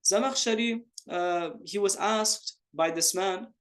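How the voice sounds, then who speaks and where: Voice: medium pitch, slow. Class lecturer, explanatory, rhetorical questions, Arabic terms, restarts and repeats. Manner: explanatory, weaves in Arabic religious terms and honorifics; frequent restarts and fillers. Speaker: teacher.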